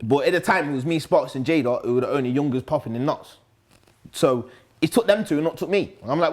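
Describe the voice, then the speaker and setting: A man's voice: a little high, fast. A young man from Nottingham with a Nottingham accent, chatting in an interview in a slangy, laid-back way. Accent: Nottingham English. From Nottingham, England. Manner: slangy, laid-back, loose storytelling with laughs. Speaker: rapper, interview guest. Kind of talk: casual interview chat.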